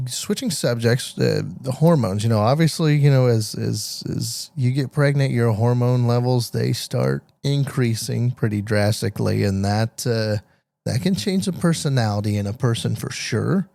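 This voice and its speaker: A young man co-hosting a casual parenting podcast, telling stories in a halting way with many restarts. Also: mid-range voice, creaky, dark tone, no echo. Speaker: podcast co-host. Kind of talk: casual chat.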